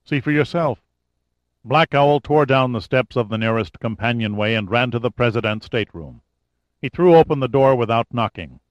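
A man narrating a thriller audiobook in a measured, even manner. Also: medium pitch, no room sound. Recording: dull, dry studio recording.

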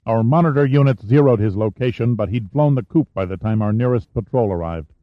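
A man's voice: medium pitch, a little fast, no room sound, close to an everyday voice. A man reading the part of a tense, bitter male general in an audiobook, in a clipped delivery, on a dull, muffled recording.

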